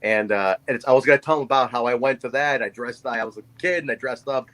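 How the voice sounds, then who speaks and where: This is a man in his forties telling a story on a podcast, talking casually and loosely. He acts out the people in his anecdote as he goes. His voice sits at an ordinary middle pitch. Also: fast, a bit bright, low-quality recording. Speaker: podcast co-host.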